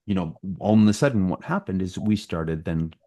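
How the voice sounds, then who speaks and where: A man's voice: low-pitched, animated, moderate pace, warm tone. A man hosting a podcast interview, telling his agency story with lots of "you know" and "um". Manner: storytelling, with many fillers and restarts. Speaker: podcast host and agency owner. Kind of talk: casual interview conversation.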